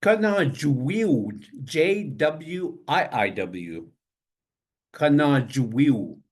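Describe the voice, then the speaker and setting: An older man teaching a language class over a video call, saying each word slowly several times and spelling it out letter by letter. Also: on the high side, very animated, slightly rough. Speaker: language instructor. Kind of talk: online language lesson.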